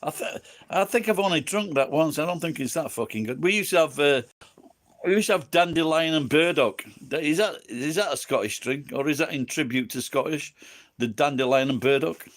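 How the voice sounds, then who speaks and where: A man's voice: a little high, a little fast. An English man with an English accent, tipsy and rambling, swearing constantly as he chats with viewers on a livestream. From England. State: tipsy from drinking. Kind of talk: rambling casual chat.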